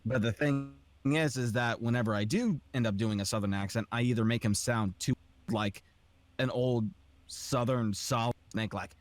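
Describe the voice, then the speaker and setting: A man's voice: mid-range voice, normal speed, dry recording. Young man rambling on a podcast. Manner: rambling, filler-heavy explaining. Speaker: podcast host and aspiring voice actor. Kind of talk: casual group chat.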